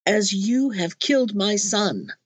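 A woman reading a storybook, voicing a merciless male genie in a slow, grim, deliberate way. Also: medium pitch, no echo. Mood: menacing.

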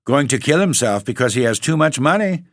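A man's voice: on the low side, sing-song, moderate pace, no room sound, clean studio sound, voice pushed up. A man voicing a weary, moody male baron who answers bluntly and stubbornly. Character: weary male baron, moody nobleman given to sudden laughter.

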